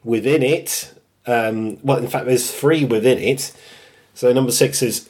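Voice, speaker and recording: A British man hosting a casual podcast, talking at a middling pitch. He is chatty and breaks into laughs as he runs down a list of favourite moments. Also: measured pace, a little mellow. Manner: chatty, laughs often while listing quotes. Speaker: podcast host. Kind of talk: casual chat.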